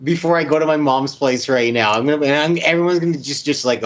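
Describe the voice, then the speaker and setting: A man's voice: a little high, quick pace. A man from Winnipeg co-hosting a sports talk show, playful and provocative. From Winnipeg, Canada. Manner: playful, teasing, provocative, animated. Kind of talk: casual sports chat. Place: indoors, dressed in shirt and tie.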